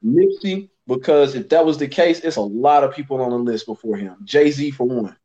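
Dark-voiced man making his case. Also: mid-range voice, moderate pace, dull audio. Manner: earnest, argumentative, streetwise slang. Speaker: podcast co-host. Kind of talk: casual chat.

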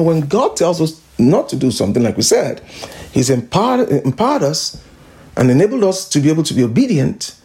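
A woman's voice: low voice, vocal fry, warm tone, slightly rough. A woman pastor preaching a sermon, emphatic and repeating declarations again and again.

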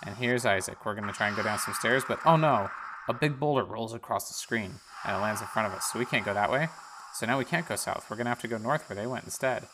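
A man's voice: lowish voice, fast talker. A man hosting a let's-play podcast who chats casually while narrating the game on screen. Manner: chatty, narrates the game dialogue aloud. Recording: noisy background.

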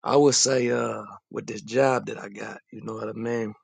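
A man on a casual podcast, speaking in a relaxed, conversational way with frequent fillers. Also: lowish voice, normal speed, gravelly, slightly rough, no room sound. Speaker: podcast co-host.

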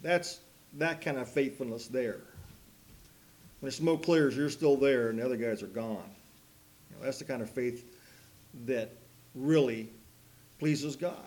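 A man preaching a sermon, mixing folksy rambling stories with slow, emphatic preaching. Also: medium pitch, a little mellow. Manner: folksy, rambling storytelling with asides and laughs. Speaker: pastor.

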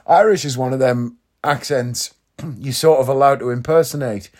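A man from Northeast England rambles through a relaxed vlog monologue at a middling pitch. He keeps it conversational and keeps tossing tag questions at the viewer. It sounds like easy chat rather than a script. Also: unhurried. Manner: chatty, leans on tag questions like "isn't it?". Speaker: vlogger.

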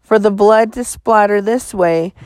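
A woman's voice: medium pitch, a little mellow, smooth, dry recording, clean studio sound, close to an everyday voice. Woman doing a stern commanding sheriff. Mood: businesslike. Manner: commanding, brisk. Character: stern male sheriff giving orders.

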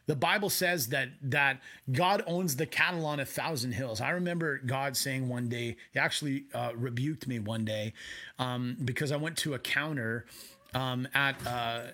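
A man preaching a sermon from home in a conversational way, with quick asides. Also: mid-range voice, pushed and bright. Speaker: pastor.

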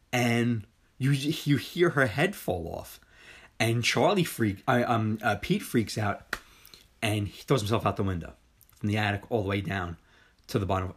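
A man in his forties retelling a horror film in a casual chat, excited and profane, acting out the scenes. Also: on the low side, husky. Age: 40s. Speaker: podcast co-host. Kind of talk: casual movie review chat.

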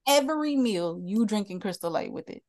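A woman's voice: medium pitch, expressive, brisk, darkish tone. A woman with a Philadelphia accent co-hosting a casual podcast chat, opinionated and teasing. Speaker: podcast co-host.

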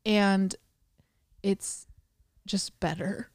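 A woman's voice: mid-range voice, fairly even intonation, extremely slow, gravelly, darkish tone, no room sound, clean studio sound. A tipsy woman in her twenties co-hosting a casual podcast at home on a handheld mic, giggly and swearing freely. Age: 20s. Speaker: podcast co-host. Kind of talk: casual chat. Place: sitting on a bedroom floor at home.

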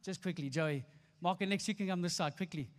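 A man's voice: high voice, fairly quick. A man preaching a sermon to a congregation, emphatic, repeating phrases and calling for responses. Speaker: pastor. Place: church stage before a congregation. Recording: long hall reverb.

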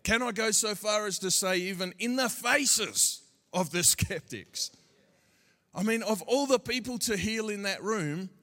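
An Australian man delivers a sermon in a high, bright, forceful voice, mixing jokes with earnest emphasis. His words ring out with the long reverb of a large hall. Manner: jokey, conversational preaching with bursts of emphasis. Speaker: guest preacher. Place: church hall.

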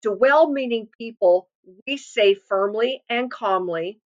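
A woman's voice: on the high side, slow pace. Earnest woman preaching, muffled recording. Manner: earnest, emphatic scripture reading. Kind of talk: sermon.

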